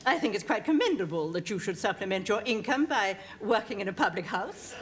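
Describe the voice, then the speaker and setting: A woman's voice: medium pitch, expressive, a little fast, very noisy, natural voice. An actress playing a haughty, condescending female pub customer, in a 1970s sitcom with audience laughter. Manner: imperious, condescending.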